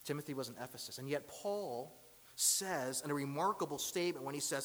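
A man preaching a sermon in a church. He is emphatic, swinging between loud proclaiming and hushed passages. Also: on the high side, fairly quick. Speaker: pastor. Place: church sanctuary. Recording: long church hall reverb.

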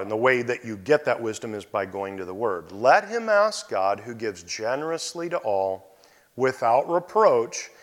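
A male pastor delivering a sermon in a church sanctuary, his mid-pitched voice carrying a long hall reverb. He preaches expressively, pushing up for emphasis and then dropping to quiet, intimate asides.

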